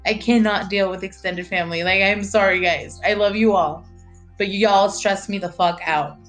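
A woman's voice: medium pitch, fairly even intonation, normal speed, a bit bright, faint music behind. A young woman and mother talking candidly about her mental health in a personal vlog, blunt and rambling, with plenty of swearing and fillers.

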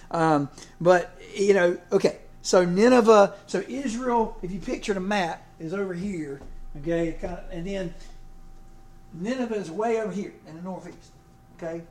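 A man preaching a sermon as pastor, conversational and animated with self-deprecating asides. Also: sits high.

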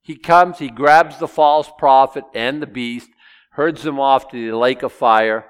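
A middle-aged pastor preaching an expository sermon, animated, acting out Bible voices and quizzing his congregation. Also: medium pitch, measured pace, smooth. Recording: long hall reverb.

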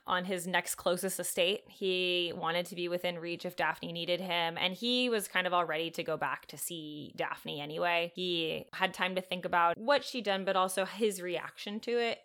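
Woman, podcast co-host, bright clear tone, chatty book recap, reads passages aloud. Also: lowish voice, steady tone, normal speed, few pauses. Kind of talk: casual book discussion podcast.

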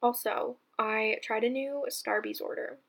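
Chatty young woman with vocal fry. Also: fairly high pitch, steady tone, unhurried. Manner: chatty, gushing, many fillers and restarts. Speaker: podcast host. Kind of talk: casual solo podcast chat.

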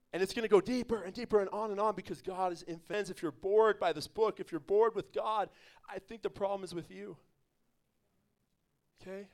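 A man, a pastor, preaching an evening church sermon in an emphatic, conversational way, with laughs and asides to the congregation. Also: sits high.

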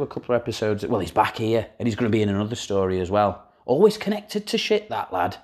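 A man's voice: medium pitch, big pitch swings, fast, hardly any pauses. A man hosting a podcast, telling football stories in a wry, casual way and swearing freely. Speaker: podcast host. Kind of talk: casual storytelling chat.

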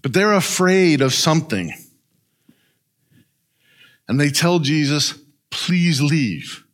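A man preaching a sermon, retelling a story in an animated way and often asking "right?". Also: on the high side, takes it slowly. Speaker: pastor.

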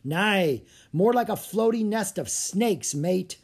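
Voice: mid-range voice, sing-song, a little slow, slightly rough, pitched above the performer's own voice, exaggerated voice. An audiobook narrator voicing a superstitious male sailor who tells monster stories dramatically. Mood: spooky. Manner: dramatic, spooky tale-telling.

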